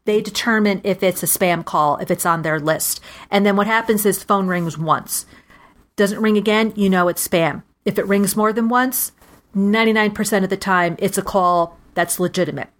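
A woman's voice: mid-range voice, moderate pace. A married woman in casual conversation, telling stories and acting out quoted voices. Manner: animated storyteller, acts out quoted voices. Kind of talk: casual chat.

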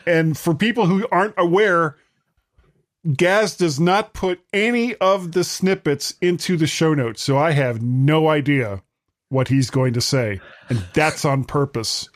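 A man's voice: a little high, unhurried. A man hosting a podcast, talking about travel gadgets in an easygoing, joking way. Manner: easygoing, joking, reads specs loosely. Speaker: podcast host. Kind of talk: casual chat about gadgets.

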